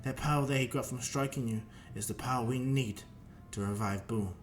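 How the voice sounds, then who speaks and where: A man's voice: medium pitch, a little fast, faint music behind, natural voice. Babidi, a scheming little alien wizard, voiced by a man. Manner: scheming, commanding.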